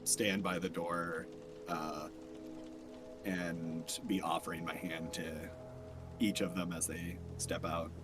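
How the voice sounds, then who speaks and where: A man's voice: deep voice, little pitch movement, takes it slowly, pauses often, over music. A man playing a tabletop game, making offhand jokes about the scene. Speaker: player. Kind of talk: casual tabletop play.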